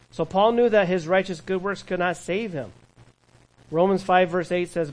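A male pastor preaches in a chatty, animated manner. His voice sits fairly high, and he often mixes in quick laughs and imagined dialogue. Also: poor audio. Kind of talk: sermon.

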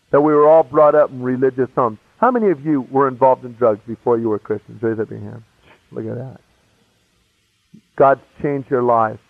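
A man's voice: medium pitch, dry recording. A man preaching a sermon, telling his own conversion story in a casual, slangy way. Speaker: pastor. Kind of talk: sermon with personal testimony. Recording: tinny phone-like radio broadcast.

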